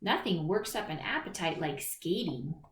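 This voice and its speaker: A woman voicing a practical, bossy female groundhog who talks brisk and grumpy, in a roomy recording. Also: fairly low pitch, animated, lightly acted. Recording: roomy echo.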